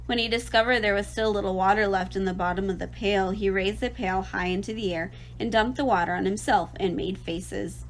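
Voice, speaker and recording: A woman teacher reading a children's novel aloud in an expressive, lively way. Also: mid-range voice, a little fast, few pauses, slight background noise, low-quality recording.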